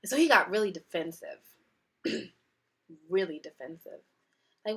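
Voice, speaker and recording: A woman's voice: medium pitch, moderate pace. A woman wellness coach telling personal stories in a casual motivational talk, acting out quotes with laughter. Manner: animated storytelling with acted-out quotes and laughs.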